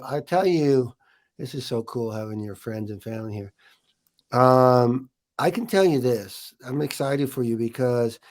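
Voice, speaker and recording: A man's voice: mid-range voice, darkish tone. A man hosting a casual interview over a video call, upbeat and chatty. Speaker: talk show host.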